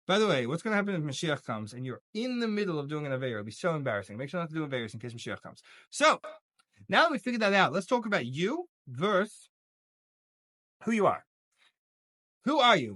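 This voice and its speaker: A man teaching a casual religious lesson, with lots of jokes and stories acted out in voices. His voice is fairly high and swings widely. The sound is dry and close. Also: fast talker, no echo. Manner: animated, jokey, acts out voices. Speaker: Torah teacher.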